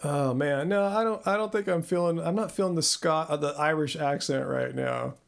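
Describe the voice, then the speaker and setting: Rambling, self-deprecating man with a gravelly voice. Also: fairly high pitch, normal speed. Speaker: channel host. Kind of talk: live Q&A chat. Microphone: close studio mic.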